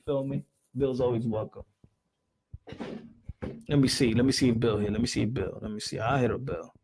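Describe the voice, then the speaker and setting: A man's voice: medium pitch, steady tone, fairly quick, noisy background. A man hosting a casual boxing live stream, talking loosely in slang and muttering to himself while he checks who is on.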